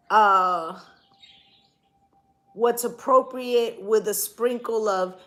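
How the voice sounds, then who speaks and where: A woman's voice: on the high side, slow, bright, forceful tone. A woman giving a tarot reading in a casual, blunt, profane way, often tagging her points with "right?". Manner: blunt, profane, emphatic, keeps asking "right?". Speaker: tarot reader.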